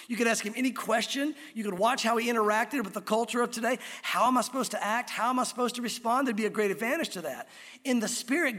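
A pastor preaching a sermon in an earnest, emphatic way, slowing down to stress key words. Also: male voice, very high voice, a bit bright. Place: church sanctuary. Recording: long reverb of a church hall.

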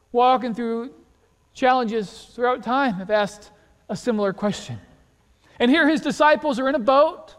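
High-voiced preacher in a big hall. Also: male voice. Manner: conversational, animated, rhetorical questions, repeats words. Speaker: pastor. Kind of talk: sermon. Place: church sanctuary. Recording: long reverb of a large hall.

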